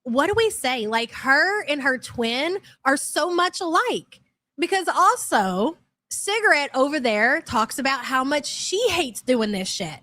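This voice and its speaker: Woman host, high voice, mocking live-stream commentary, profane and blunt. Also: sing-song, measured pace, bright, forceful tone.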